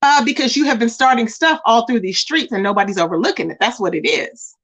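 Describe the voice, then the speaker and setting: A woman hosting a live stream, chatting casually with viewers and mocking a rival in an animated way. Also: on the high side, quick pace. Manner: animated and mocking, addressing chat as y'all. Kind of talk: casual gossip commentary.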